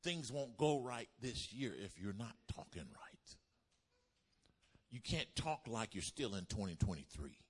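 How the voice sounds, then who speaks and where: Low-voiced pastor preaching. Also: male voice, sing-song, measured pace, breathy edge. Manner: call-and-response preaching, rising to loud bursts. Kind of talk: sermon.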